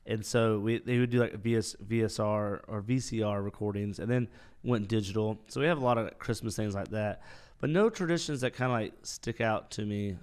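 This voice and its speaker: A man's voice: lowish voice, fairly quick, a little mellow, smooth. A man, hosting a casual solo podcast and telling stories in a rambling, chatty way. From Dahlonega, Georgia, US. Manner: rambling, chatty storytelling with filler words. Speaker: podcast host.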